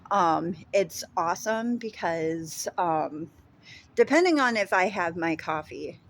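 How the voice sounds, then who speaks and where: A vlogger with a Minnesota accent chats casually with her audience in a fairly low voice with lively intonation. She rambles unhurriedly, filling gaps with ums and dropping casual swear words.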